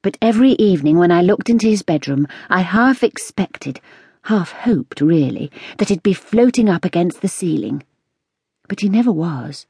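A woman narrating a children's storybook in a lively, expressive reading. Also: lowish voice, moderate pace, husky, no room sound. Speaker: audiobook narrator.

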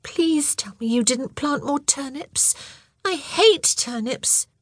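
A woman doing a shrill, distraught little girl. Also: lively intonation, takes it slowly, no room sound, clean studio sound. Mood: whiny. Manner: shrill, pleading.

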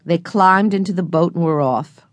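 A woman narrating a children's audiobook with clear, expressive storytelling, recorded close in a studio. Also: on the low side, moderate pace, no echo. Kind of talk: scripted narration of a children's book.

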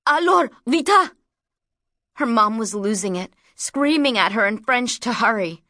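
A woman narrating an audiobook in a measured, dramatic storytelling manner. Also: mid-range voice, bright, forceful tone, no echo, clean studio sound.

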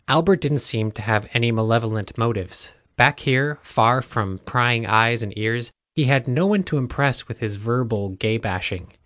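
A man reads a novel aloud in a steady, measured narration. His voice sits in the middle for a man, and the recording is dry and close with no room sound. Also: medium pitch, dry recording. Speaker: audiobook narrator. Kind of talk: scripted narration.

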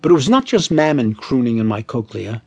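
A man narrating his own humorous story in a wry, dry manner, giving the ornate, wordy prose a deadpan reading. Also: mid-range voice, a little fast, slightly rough. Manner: flustered, stammering when he speaks as himself.

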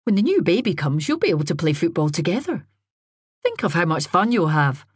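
A woman reading the part of a cheerful young father who coaxes and jollies his small son along with bright, brisk encouragement. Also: fairly low pitch, sing-song, husky, dry recording, clean studio sound. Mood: coaxing.

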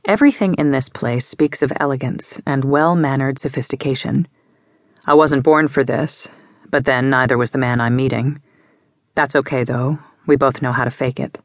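A woman narrating a contemporary romance audiobook in the first person, with measured, intimate storytelling. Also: a bass voice, fairly even intonation, no echo, studio quality.

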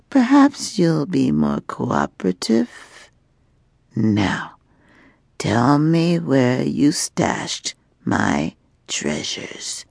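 A woman voicing a menacing female dragon in human form, speaking in a hushed, breathy whisper. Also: low-pitched, no room sound, studio quality, pitched above the performer's own voice, exaggerated voice.

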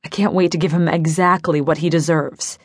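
A woman's voice: low voice, steady tone, brisk, dry recording. A woman voicing an earnest, angry young man in an audiobook, speaking in an urgent, serious manner.

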